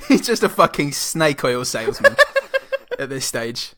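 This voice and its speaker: A man's voice: fairly high pitch, wildly swooping pitch, slow, a bit bright. Jokey male podcast co-host. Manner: jokey, laughs often, stumbles and restarts. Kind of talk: casual film-recap chat.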